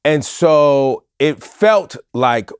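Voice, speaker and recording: A man co-hosting a casual podcast panel chat, thinking aloud in halting, restarted sentences. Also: a little high, lively intonation, clean tone, no echo. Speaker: podcast co-host.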